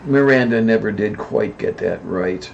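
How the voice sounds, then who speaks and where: A man co-hosting a casual chat, dry and hesitant, clearing his throat at times. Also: fairly low pitch, unhurried, a little mellow. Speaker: podcast co-host. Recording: dull lo-fi mic with faint noise.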